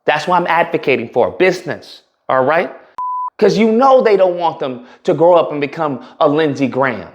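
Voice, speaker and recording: Guy with a kinda high voice ranting on his vlog, sarcastic and emphatic, says stuff twice. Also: lively intonation, moderate pace, dull audio. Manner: emphatic, sarcastic, repeats himself. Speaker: channel host. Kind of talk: commentary vlog.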